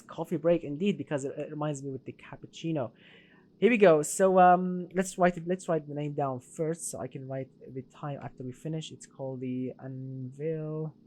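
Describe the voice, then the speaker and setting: A man's voice: a little high, a little mellow, a little hiss or hum. A man casually commenting on a racing game during a live stream, answering viewer comments with frequent restarts.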